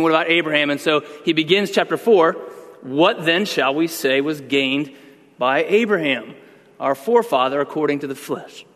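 Male pastor preaching; earnest, emphatic teacher, slightly high voice, reverberant sanctuary. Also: fairly bright tone. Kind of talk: sermon.

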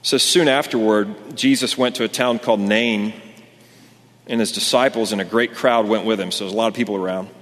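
A man's voice: lowish voice, fairly even intonation, brisk, fairly bright tone. Conversational man preaching in a reverberant hall. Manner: conversational and earnest, with many fillers and restarts. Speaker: pastor. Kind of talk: sermon.

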